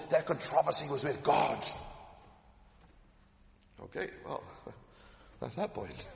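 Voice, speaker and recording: A man's voice: fairly high pitch, moderate pace, creaky. A man preaching a sermon, emphatic, repeating his key phrases and asking rhetorical questions. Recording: echoey hall with long reverb.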